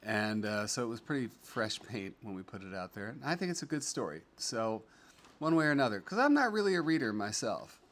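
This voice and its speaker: A man's voice: mid-range voice, sing-song, a little fast, a bit bright. Middle-aged guy hosting a livestream, chatty and upbeat, lots of ums, reads out comments. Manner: upbeat, chatty, rambling with many fillers, reads comments aloud. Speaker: livestream host. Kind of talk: casual livestream chat reading viewer comments.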